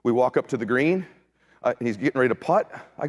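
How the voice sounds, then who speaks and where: A middle-aged man and motivational speaker who tells a story with animated energy, acts out the voices, and shouts for emphasis. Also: mid-range voice, quick pace. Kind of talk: storytelling talk.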